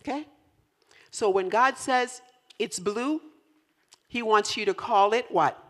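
Animated woman preaching a sermon. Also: on the high side, slow. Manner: animated, rising to loud emphatic peaks, teasing the congregation. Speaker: pastor. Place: church in central New York.

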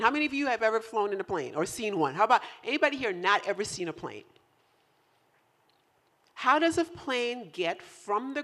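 A woman pastor preaching a sermon to her congregation, animated and teasing, rising to loud emphatic peaks. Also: mid-range voice. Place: church in central New York.

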